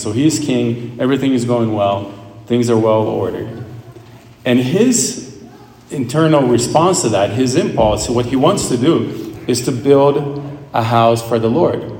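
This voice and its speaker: A male priest preaching a homily in a loose, conversational way, breaking off for side notes and correcting himself as he goes. His voice sits at an ordinary pitch and rings through a big church with a long, lingering reverb. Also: darkish tone. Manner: conversational, with asides and self-corrections. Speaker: Catholic priest.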